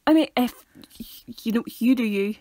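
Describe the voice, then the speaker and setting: A woman's voice: a little high, dark tone, no echo, clean studio sound. A young woman with a Northern Irish accent, co-hosting a casual podcast chat in a teasing, chatty way. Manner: teasing, chatty, quick to laugh. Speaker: podcast co-host.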